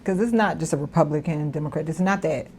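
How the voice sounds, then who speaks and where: A woman co-hosting a casual commentary chat, animated and laughing, with mock-outraged asides. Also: sits low, fast, a little hiss or hum. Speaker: podcast co-host.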